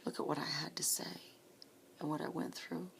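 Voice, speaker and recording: Gravelly, whispery woman in her forties. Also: sits low, fairly even intonation. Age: 40s. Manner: slow, soft-spoken, often near a whisper, earnest. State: holding back tears. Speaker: vlogger. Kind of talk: personal vlog message.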